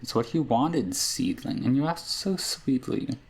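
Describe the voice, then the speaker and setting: Guy plainly reading a scheming old hag from a game, gravelly voice, low-key. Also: lively intonation, measured pace. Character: ancient scheming female hag, cruel and teasing. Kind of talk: reading game dialogue aloud.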